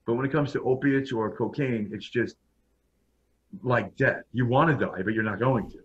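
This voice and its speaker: With a mid-range, breathy-edged voice at a moderate pace, a man tells his personal story as a guest in a casual podcast interview. He speaks bluntly and frankly, frequently starting sentences over, and the recording sounds dull and lo-fi.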